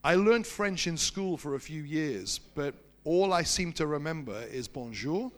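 A man preaching, telling a personal story in an animated storytelling manner and slowing down for emphasis. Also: fairly high pitch. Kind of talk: sermon storytelling.

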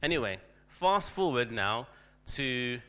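Bright-voiced man telling a story. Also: medium pitch, very animated, takes it slowly, clear, resonant tone. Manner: self-deprecating storyteller, frequent restarts. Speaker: teacher giving a talk at church. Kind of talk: anecdotal church talk.

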